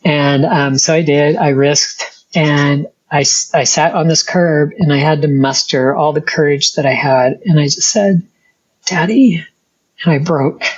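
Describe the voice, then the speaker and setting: A middle-aged woman, a guest in an interview, telling a personal faith testimony in an earnest, halting way with many restarts. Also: low-pitched, fairly even intonation, muffled recording.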